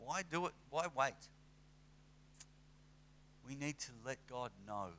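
Lively conversational male preacher. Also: mid-range voice, slight background noise. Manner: conversational, animated with acted asides. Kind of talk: sermon.

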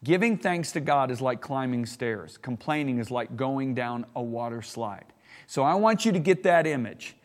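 A middle-aged man preaching a sermon emphatically, slowing down to stress key words and rising sharply in pitch when he gets worked up. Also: lively intonation, in a large hall.

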